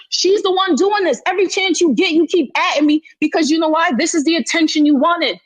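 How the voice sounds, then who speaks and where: A woman's voice: extremely high pitch, brisk, few pauses, dry recording. A woman of Haitian heritage, probably in her thirties, talking heatedly in an audio chat room, emphatic and repeating herself as she defends her side. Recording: dry, slightly dull phone audio.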